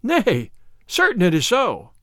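A man voicing a strong, modest young male kinsman in a storybook reading, speaking in a quiet, earnest, polite way. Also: high voice, wildly swooping pitch, unhurried, dry recording, clean studio sound, pitched above the performer's own voice, full character voice.

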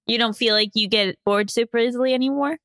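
A woman co-hosting a casual podcast chat, reacting quickly and laughing. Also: on the high side, a bit bright, smooth, dry recording. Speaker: podcast co-host.

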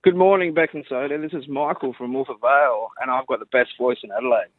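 A man's voice: medium pitch, quick pace, dry recording. A man calling a radio show, hesitant and awkward. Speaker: caller. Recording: phone line.

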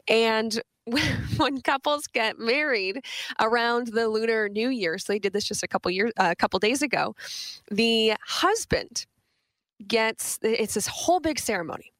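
A young woman co-hosting a radio show, telling stories in a chatty, animated way full of restarts. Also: a little high, measured pace, no room sound. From Southwestern Ontario, Canada. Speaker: radio co-host. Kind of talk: casual radio chat. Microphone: studio microphone.

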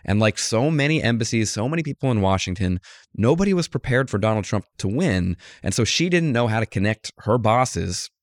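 A man with a fairly low voice, recorded close and dry with no room sound. He talks casually as a guest, telling an animated story and acting out the quotes of the people in it. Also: fairly quick, no room sound. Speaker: guest author, political journalist. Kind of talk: conversational interview.

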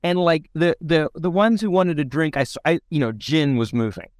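Guy hosting a chill podcast, kinda high voice, dry close mic. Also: normal speed, dry recording. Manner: relaxed, casual swearing, brief backchannels. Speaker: podcast host. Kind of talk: casual interview chat.

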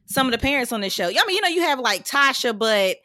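Bright-voiced woman musing on a TV show. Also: fairly high pitch, very animated, quick pace, no room sound. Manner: reflective, agreeing often, musing about characters. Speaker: podcast co-host. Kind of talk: casual TV recap chat.

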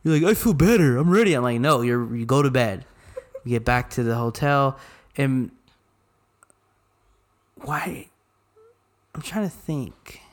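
A man from Arizona, co-hosting a podcast, retelling a night out in a casual, animated way full of quoted dialogue and swearing. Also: medium pitch, slow, pauses often. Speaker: podcast co-host. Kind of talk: casual storytelling chat.

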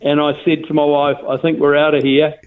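A man's voice: fairly high pitch, monotone, fairly quick, clear, resonant tone. An older man with a New Zealand accent, telling his story in a casual phone interview, rambling with restarts and fillers. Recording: tinny phone line.

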